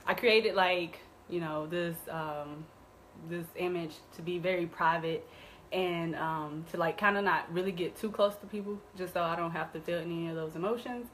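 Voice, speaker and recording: A young woman co-hosting a casual live talk show, speaking haltingly and softly with many pauses and fillers. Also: on the low side, fairly even intonation, slight background noise, low-quality recording. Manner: halting, soft-spoken, many ums. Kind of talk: casual live-stream chat.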